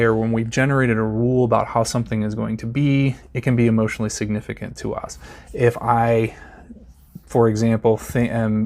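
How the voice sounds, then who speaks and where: A man's voice: medium pitch, darkish tone. Casual man explaining emotions. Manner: casual, uses acted example voices and fillers. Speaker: presenter teaching emotional psychology. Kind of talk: explanatory talk to camera.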